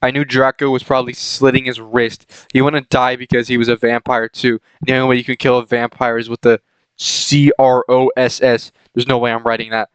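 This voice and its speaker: A man's voice: medium pitch, flat delivery, a little fast, clear, resonant tone, no echo, rough recording. A young man doing a comedic reading of a fanfic aloud, often laughing and breaking off to comment on the text. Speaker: reader of a fanfic.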